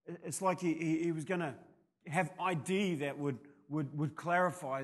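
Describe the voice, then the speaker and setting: A male pastor with a New Zealand accent preaching a sermon, telling rambling anecdotes that build to loud, emphatic peaks. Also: fairly high pitch, steady tone, moderate pace.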